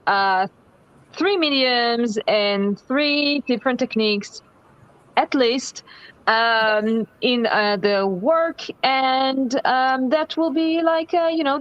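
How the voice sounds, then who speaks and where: A woman co-hosts a casual craft livestream. She speaks very slowly and hesitantly, with many fillers, in a fairly high voice. The sound is dull and lo-fi. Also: no echo.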